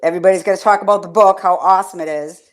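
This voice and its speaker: A woman co-hosting a show in casual chat, excitable and rambling as she tells stories. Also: medium pitch, very fast. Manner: bubbly, excitable, rambling storyteller. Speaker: podcast co-host.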